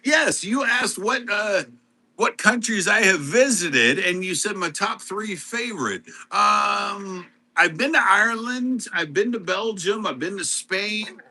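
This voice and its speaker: A middle-aged man with a high, very bright voice hosts a relaxed live stream. He talks at an unhurried pace, greets his viewers one by one and answers their chat questions. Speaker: livestream host.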